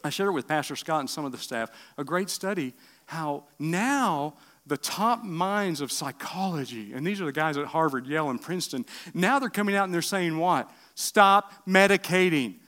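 A middle-aged man preaching a sermon, asking the room questions and swinging from loud bursts to hushed lines. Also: on the high side, moderate pace. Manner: animated preaching with rhetorical questions and sudden drops to quiet. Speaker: pastor.

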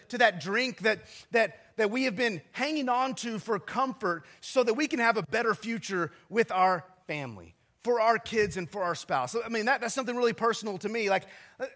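A pastor in his forties delivers a sermon like a chatty storyteller, poking fun at himself and tossing asides to the congregation. His voice is high and somewhat bright.

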